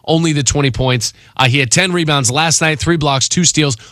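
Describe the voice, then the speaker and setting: A male sports radio host talks fast and opinionated into a studio mic. His voice is bright and forceful, pitched a little high. The room is dry, and faint music sits underneath. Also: dry recording. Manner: lively, quick, opinionated. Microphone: studio microphone.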